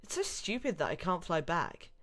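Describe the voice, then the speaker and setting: A sassy young college girl, the president's daughter, read by a British woman in her own exasperated voice. She comes across as chatty and dry, with a lowish pitch, as she reads a dating-game script aloud. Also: big pitch swings, moderate pace, a bit bright. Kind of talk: reading a visual novel aloud.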